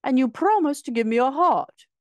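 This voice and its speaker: A woman reading aloud from a storybook, voicing an anxious, forceful male tin man. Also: high-pitched, expressive, moderate pace, dry recording, voice pushed up. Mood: agitated. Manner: anguished, forceful.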